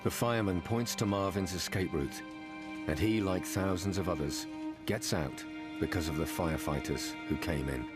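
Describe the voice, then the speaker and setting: Deep-voiced documentary narrator. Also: male voice, normal speed. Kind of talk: scripted narration. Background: music.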